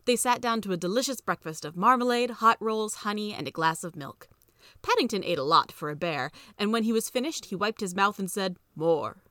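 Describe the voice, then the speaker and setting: A woman reads a children's story aloud in a steady, even storytelling manner. Her voice sits mid-range, and the recording is dry and close with no room echo. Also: mid-range voice, a little fast. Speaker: podcast reader. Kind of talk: scripted storybook narration.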